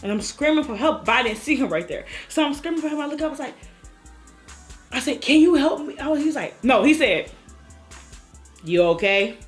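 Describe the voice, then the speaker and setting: A woman's voice: sits high, fast, soft background music. A woman vlogger telling a personal story in a casual way, acting out her own cries and other people's lines. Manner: animated, acts out her own cries and quotes.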